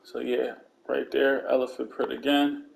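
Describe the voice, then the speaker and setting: A man giving a casual, slangy voice-over, calmly walking through steps one by one. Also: medium pitch, a little slow, vocal fry. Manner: relaxed, laid-back step-by-step instructions; slangy, conversational asides. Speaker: video game content creator.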